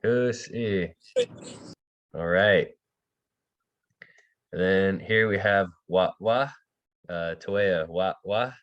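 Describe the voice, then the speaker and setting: A man's voice: low voice, extremely slow, pauses often, muffled recording. A man teaching an online language class, calling on students by name, repeating words for them and explaining with many fillers and restarts.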